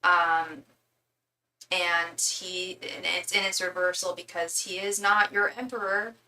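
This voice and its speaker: Chatty woman reading tarot, bright voice. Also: lowish voice, fairly even intonation, takes it slowly, reverberant, far from the mic, poor audio. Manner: chatty, with many fillers and restarts; calls the listener "girl". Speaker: tarot reader.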